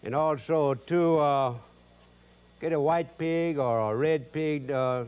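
A man's voice: fairly high pitch, slow, a little mellow, smooth. A man with a Cajun accent hosting a cooking show, telling folksy stories in a drawl with loose Cajun grammar. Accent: Cajun Louisiana. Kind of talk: folksy cooking demo with jokes.

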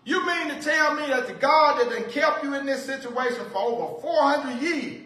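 A man's voice: very high voice, animated, moderate pace, sharp tone, full character voice. A man voicing a scornful Pharaoh who taunts his slaves with rhetorical questions. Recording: echoey room, voice from far off.

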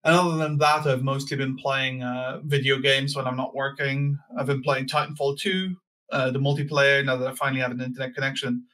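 A man's voice: medium pitch, level tone, a little fast, fairly bright tone. A man co-hosting a casual podcast, easygoing and joking, laughing readily. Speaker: podcast co-host.

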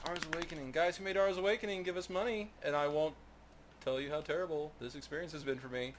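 A man playing a video game with a co-host, casual and exasperated, breaking into loud outbursts. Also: a little high, steady tone, fast talker, background noise. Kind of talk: casual gaming banter.

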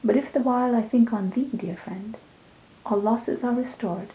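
A woman reviewing books and reading poems aloud in a measured, lilting cadence. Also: a little high, warm tone, slight background noise. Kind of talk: book talk with poetry readings. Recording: roomy sound with music underneath.

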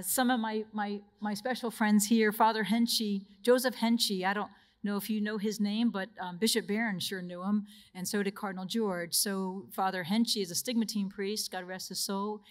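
A woman religious sister speaks to a retreat audience in a conversational, personal way. She tells stories and laughs easily between them. Her voice sits at a middle pitch. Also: fairly even intonation, moderate pace.

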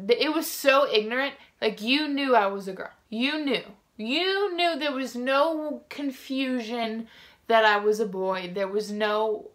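A woman's voice: a little high, fairly bright tone. A woman vlogger telling a story to camera in a casual, rambling way, full of "like" fillers and restarts, frank and indignant.

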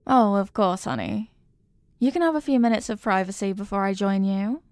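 Woman doing a possessive young girlfriend, whispered role-play, creaky soft voice, doting, dry close sound. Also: medium pitch, lively intonation, moderate pace, no room sound, natural voice.

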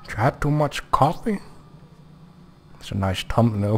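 A man's voice: medium pitch, takes it slowly, pauses often, background noise. A man giving casual gameplay commentary, joking, swearing and thinking aloud. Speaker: gamer.

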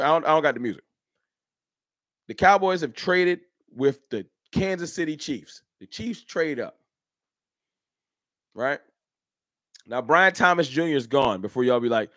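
A man hosting a casual fan livestream, talking in an animated, slangy way and answering his chat by name. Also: medium pitch, normal speed, long pauses, no echo, studio quality. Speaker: livestream host. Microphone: streaming setup.

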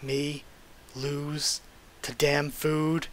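Defiant villain lines from a man, read flat from a comic, slightly high. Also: very slow, slight background noise. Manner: read aloud flatly from a comic. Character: proud, cornered male villain who rules over children.

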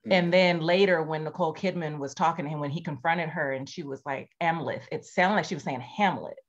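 A woman in a casual movie review chat with a notably low-pitched voice. She talks in a relaxed, questioning way. The sound is a little dull and lo-fi. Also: fairly quick. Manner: relaxed, conversational, asks questions. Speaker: podcast co-host.

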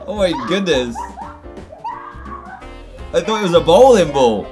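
Lively young English man reacting to clips. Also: high voice, a little slow, long pauses, music in the background. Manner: animated, exclaiming and laughing at clips. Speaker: YouTube host. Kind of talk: reaction commentary.

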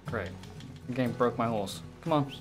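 A man's voice: medium pitch, moderate pace. A man giving casual commentary while playing a video game, swearing often and laughing at his own mistakes. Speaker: gameplay streamer. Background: game music.

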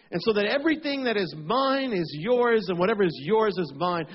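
A man's voice: high-pitched, lively intonation, brisk, few pauses, breathy edge, lo-fi sound. A man preaching a sermon with fervent, repetitive cadences, at times praying aloud in the first person.

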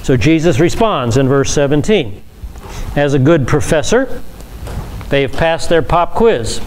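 A man with a slightly higher voice teaches a Bible class in a relaxed, explanatory way, turning to his listeners now and then. The recording carries a faint hiss of background noise. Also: measured pace. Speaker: pastor.

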